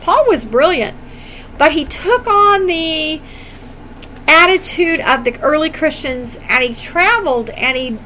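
A woman teaching a Bible study in a lively, conversational way, full of opinionated asides and quick explanations. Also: high-pitched, a little hiss or hum, low-quality recording.

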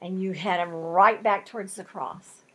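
A woman's voice: lowish voice, moderate pace, breathy edge. A woman teaching a Bible lesson in an earnest, emphatic way, using folksy turns of phrase and building intensity as she makes her points.

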